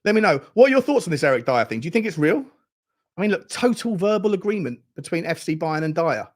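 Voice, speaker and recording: A man's voice: a little high, very animated, quick pace. A man hosting a live football fan watchalong, chatting casually, reading out viewer comments and putting questions to his audience. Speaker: football fan channel host.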